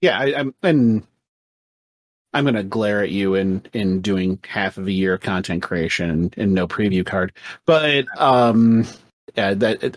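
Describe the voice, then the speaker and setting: A man's voice: lowish voice, unhurried. A man co-hosting a podcast panel in casual chat, blunt and self-mocking, swearing freely. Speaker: podcast co-host.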